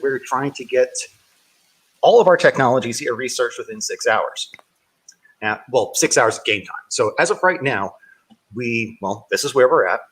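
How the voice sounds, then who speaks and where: A man live-streams a game in a mid-range, fairly bright, husky voice, captured on a rough recording. He chats casually while playing, greeting viewers by name in a friendly way, rambling and correcting himself often.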